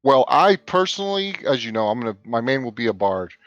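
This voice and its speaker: Excited guy calling into a stream, dull dry call audio, faint music. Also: mid-range voice, brisk, no room sound. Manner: excited, animated, talks in bursts. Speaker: guest. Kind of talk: casual chat.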